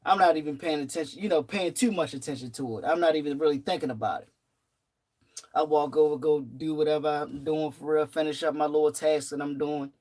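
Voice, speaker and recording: A young adult vlogger casually telling a story from work, animated and repeating phrases for emphasis. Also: medium pitch, brisk. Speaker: vlogger and retail worker.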